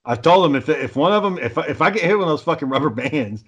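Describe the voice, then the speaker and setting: A man chatting casually with friends, telling animated stories full of swearing. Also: a little high, fast talker, husky, dull audio. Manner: profane, animated storyteller. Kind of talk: casual chat among friends.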